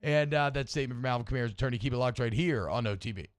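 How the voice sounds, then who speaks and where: Talking rapid-fire at medium pitch, a man co-hosting sports radio keeps things casual yet animated. He rambles and works himself up as his rants gain energy.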